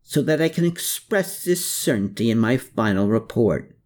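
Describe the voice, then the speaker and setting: A man's voice: mid-range voice, animated, moderate pace, a little mellow, natural voice. A man playing a skeptical, earnest army captain. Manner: questioning, insistent.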